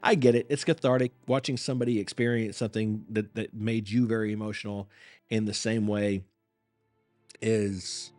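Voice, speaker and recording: A man's voice: on the low side, darkish tone. A man hosting a live reaction stream, chatting casually with viewers in a rambling, apologetic and self-mocking way.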